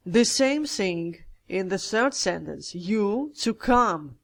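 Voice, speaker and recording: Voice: mid-range voice, animated, slow pace, creaky. A grammar teacher explaining a lesson step by step, thinking aloud and addressing the viewers directly. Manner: methodical, talks through each step aloud, addresses viewers as guys.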